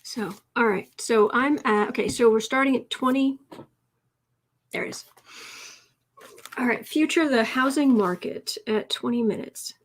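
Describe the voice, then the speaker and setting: A woman hosting a casual tarot livestream, chatting with viewers, reading their comments aloud and cooing softly to her cat. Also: on the high side, a little slow, long pauses. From United States. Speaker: tarot reader and livestream host.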